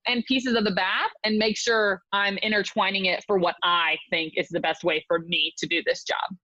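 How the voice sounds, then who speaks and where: A young woman, a mental skills coach, chatting as a podcast guest in an animated, gushing way with lots of "like". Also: medium pitch, moderate pace, dry recording. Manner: animated, gushing, heavy use of "like". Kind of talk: casual interview chat. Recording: muffled dry lo-fi audio.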